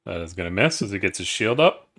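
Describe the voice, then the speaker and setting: A man as game master, narrating a tabletop battle in a measured, matter-of-fact, sometimes profane way. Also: deep voice, very animated, fairly bright tone.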